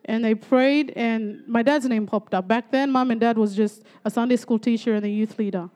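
High-voiced woman. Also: normal speed. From Torres Strait, Australia. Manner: lively storytelling with frequent praise interjections. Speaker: church speaker giving testimony. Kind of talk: church testimony.

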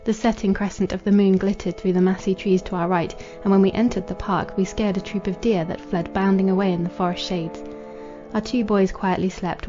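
A woman reading a classic novel aloud as a podcast narrator, in a measured, formal manner. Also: medium pitch, dark tone. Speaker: audiobook narrator. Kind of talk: scripted literary narration. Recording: dull lo-fi with faint music.

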